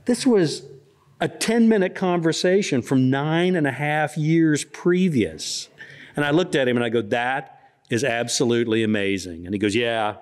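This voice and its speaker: A man's voice: on the high side, expressive, moderate pace, a little mellow. A middle-aged man telling a humorous story at a book festival, folksy and rambling, full of "you know" and "like". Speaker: author speaking at a book festival. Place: church hall.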